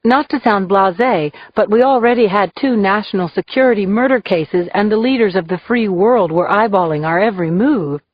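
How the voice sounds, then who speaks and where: A woman reading a crime novel aloud in measured, even audiobook narration, in a dull, dry lo-fi recording. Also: medium pitch, no echo.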